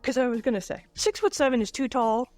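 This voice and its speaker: A woman's voice: fairly high pitch, fast, darkish tone, no room sound, soft background music. A woman in her forties co-hosting a podcast in casual, jokey chat, laughing often and poking fun at herself. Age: 40s. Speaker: podcast co-host.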